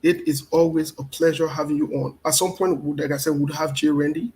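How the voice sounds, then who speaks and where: A man's voice: fairly high pitch, steady tone, a little fast, a little mellow, rough recording. Chatty man hosting a live stream. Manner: repetitive, greets viewers by name. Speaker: show host. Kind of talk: casual live-stream talk.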